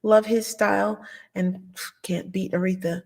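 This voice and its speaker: Creaky-voiced woman host chiming in. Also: medium pitch, fairly even intonation, unhurried, darkish tone. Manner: short affirming interjections. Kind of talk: casual interview.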